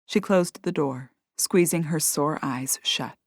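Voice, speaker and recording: A woman narrating a cozy mystery audiobook in a measured storytelling manner. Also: low voice, creaky, dry recording, studio quality. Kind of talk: scripted narration.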